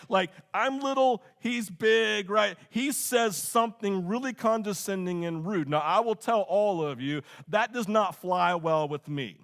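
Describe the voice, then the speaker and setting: A middle-aged man preaching a sermon, telling a childhood story in an animated, conversational way and often checking in with "right?". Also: sits high. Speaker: pastor.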